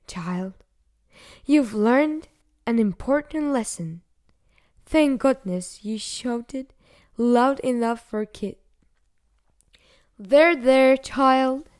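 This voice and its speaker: A woman voicing a kindly, fretful elderly grandmother who speaks slowly and soothingly. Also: high voice, lively intonation, a little mellow, no room sound, studio quality, voice pushed up, heavily acted. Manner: slow, soothing, motherly. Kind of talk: storybook reading.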